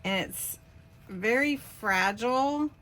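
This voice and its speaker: A woman running a craft channel casually opens craft cards sent by mail and thanks the senders with warm, gushing praise. Her voice is a little high and her pace slow.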